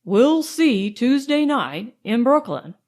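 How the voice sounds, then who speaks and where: A woman reading an audiobook, voicing a weary male pianist who speaks coolly and quietly. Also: on the high side, sing-song, slow pace. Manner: cool and dispirited.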